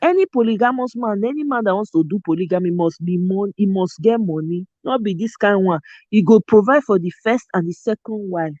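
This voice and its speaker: Animated Nigerian woman host. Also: mid-range voice, fairly quick, few pauses, no room sound. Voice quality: animated, mixes pidgin and Yoruba phrases. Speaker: show host. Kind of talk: casual chat. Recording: dull lo-fi dry sound.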